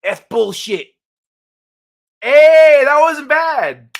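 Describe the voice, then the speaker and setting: A man voicing a gruff, brawling male space bounty hunter who shouts and brags. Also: very high voice, lively intonation, extremely slow, voice pushed up, exaggerated voice. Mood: boastful. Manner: shouting, brash.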